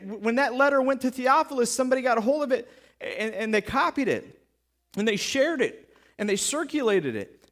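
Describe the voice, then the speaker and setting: A man giving a casual, joking sermon as pastor, acting out stories and quotes with many restarts. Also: very high-pitched.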